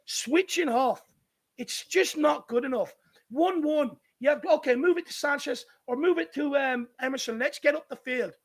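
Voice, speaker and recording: An Irish man hosting a live football watchalong, ranting furiously and swearing at his team's defending. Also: very high-pitched. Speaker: fan channel host. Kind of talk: live match watchalong commentary.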